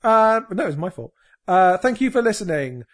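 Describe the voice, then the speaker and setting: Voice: mid-range voice, very animated, a little fast, noisy background. A podcast host in casual chat, joking and laughing often while talking over the others.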